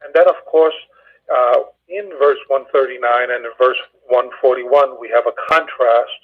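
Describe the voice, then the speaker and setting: A man explains the wording of a psalm over a narrow, tinny phone line. His voice is husky, and he stumbles and restarts often with many fillers. He sounds like a teacher walking a study group through a text. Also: mid-range voice. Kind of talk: explaining scripture grammar.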